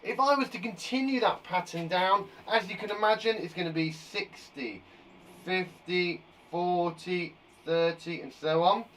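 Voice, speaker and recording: A man's voice: high voice, unhurried, fairly bright tone, far from the mic. A man teaching a live online lesson to young children, upbeat, chatty and encouraging. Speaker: primary school teacher.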